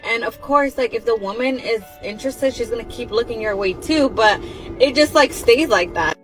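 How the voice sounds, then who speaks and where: A woman's voice: on the high side, normal speed, soft background music, low-quality recording. A woman speaking her opinions on dating to camera in an assertive, preachy way.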